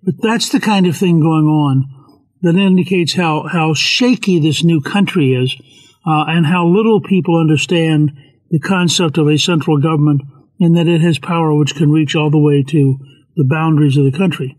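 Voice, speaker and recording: Husky man telling history. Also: on the high side, normal speed, low-quality recording. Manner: animated, quotes historical figures in brief voices. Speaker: speaker on history. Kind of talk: history storytelling talk.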